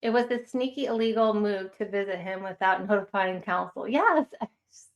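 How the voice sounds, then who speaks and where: A woman's voice: medium pitch, moderate pace, highs cut off. A woman with a Chicago accent hosting a casual livestream chat, rambling and chatty with lots of fillers. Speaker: livestream host.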